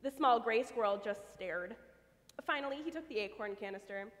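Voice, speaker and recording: A woman's voice: fairly high pitch, moderate pace. Woman reading a story in a church. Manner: expressive, lively read-aloud. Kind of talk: reading a children's story aloud. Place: church sanctuary. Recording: long church reverb.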